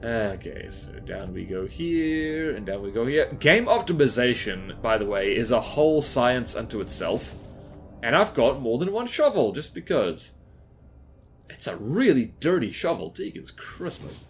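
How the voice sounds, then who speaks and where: A man chats his way through gameplay commentary in a mid-pitched voice. He rambles, pokes fun at himself and fills his talk with "like" and "um". Faint game music runs underneath. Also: very animated, measured pace. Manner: chatty, rambling, self-deprecating, many fillers. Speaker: gaming YouTuber.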